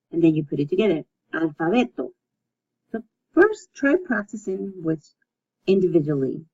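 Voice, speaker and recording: A woman teaching a recorded language lesson, speaking slowly and patiently and repeating words so learners can practice. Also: fairly low pitch, expressive, a little mellow, slightly rough. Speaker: Spanish teacher. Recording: dull lo-fi recording.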